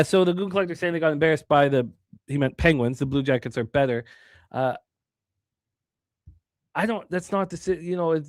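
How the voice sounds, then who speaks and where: Man, betting show host, higher voice, dry close sound, rambling casual talk. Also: dry recording. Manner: rambling, self-correcting, upbeat.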